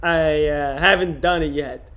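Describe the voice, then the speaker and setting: A man streaming in casual livestream chat, trying out deadpan stand-up jokes on his viewers. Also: a little high, measured pace.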